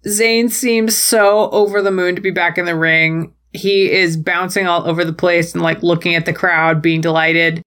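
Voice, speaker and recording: A woman's voice: lowish voice, level tone, normal speed, few pauses, fairly bright tone. A woman co-hosting a podcast, recapping wrestling matches in a playful, jokey way with goofy quoted voices. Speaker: podcast co-host. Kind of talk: casual wrestling recap chat.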